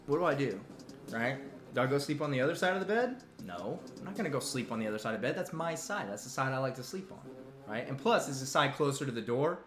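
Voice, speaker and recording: In a reverberant space, a fast-talking man with an animated, medium-pitched voice hosts a live stream talk show. His comedic story to the chat wanders and keeps cutting itself off, and he ribs the viewers throughout.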